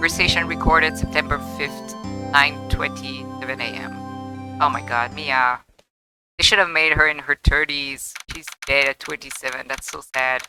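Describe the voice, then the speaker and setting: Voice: mid-range voice, fairly even intonation, normal speed, rough recording. A streamer giving casual, chatty commentary while playing a game, often exclaiming and breaking off mid-sentence. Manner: chatty, exclaiming, self-interrupting. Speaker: live streamer. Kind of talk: casual let's-play commentary. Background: game music.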